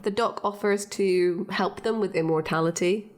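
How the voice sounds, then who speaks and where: A woman co-hosting a podcast in casual chat, lively and chatty, often laughing. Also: medium pitch, normal speed, faint music behind. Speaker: podcast co-host.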